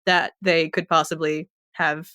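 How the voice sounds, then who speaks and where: A woman's voice: sits low, level tone, a little slow, sharp tone, smooth, no echo, clean studio sound. A woman co-hosting a podcast, recapping a TV episode in a chatty, rambling way with restarts and laughs. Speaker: podcast co-host. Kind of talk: casual TV recap chat.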